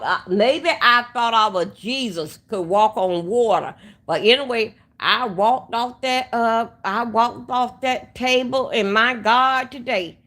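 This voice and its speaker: Speaking into a phone, this livestream host has a fairly high, somewhat bright voice. She keeps things casual, wandering from topic to topic while addressing her viewers directly.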